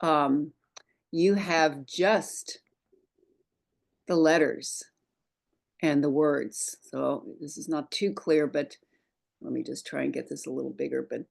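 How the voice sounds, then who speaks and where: A woman's voice: deep voice, fairly even intonation, slow, vocal fry, long pauses, darkish tone. A woman teaching a Hebrew lesson over a screen share, patiently reciting letters one by one for learners to repeat.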